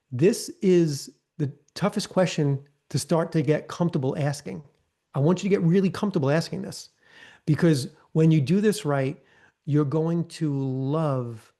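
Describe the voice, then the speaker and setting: A man leading a live training session, talking casually and often checking in with "right?", acting out gentle counselor prompts in a softer voice. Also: a little high. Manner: conversational, often tags lines with "right?". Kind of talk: live online training talk.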